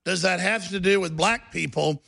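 A man's voice: high voice, normal speed, vocal fry, bright, forceful tone. A middle-aged man hosting heated political talk radio, mocking his opponents and breaking into shrieking impressions.

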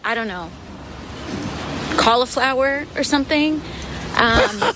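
A woman with a fairly high voice speaks earnestly, halting and searching for words. She is recorded outdoors on a city street, with clear traffic noise behind her.

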